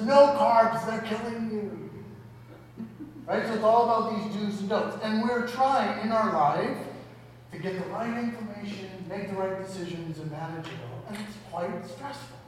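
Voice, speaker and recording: Preaching to his congregation, a man with a high-set voice keeps the sermon conversational and leans on rhetorical questions. There's a little hiss or hum, and the mic sits far off in an echoey hall.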